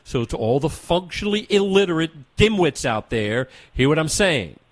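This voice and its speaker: A man's voice: on the high side, sing-song, moderate pace, no room sound. Emphatic male talk radio host, dry sound. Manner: emphatic, rhetorical, punchy repetition. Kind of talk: opinionated talk radio commentary.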